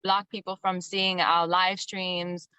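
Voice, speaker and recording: A woman's voice: fairly low pitch, flat delivery, slow pace, bright, forceful tone, clear, resonant tone, no echo, highs cut off. A woman from South Africa, a musician guest in a casual interview, talking frankly with swearing and many "like"s.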